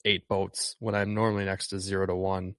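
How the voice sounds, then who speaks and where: A fishing guide from Northeast Wisconsin chats loosely about his guiding work in a casual interview, his lowish voice brisk and full of ums and false starts. The recording is dry and close-miked, with no room sound at all.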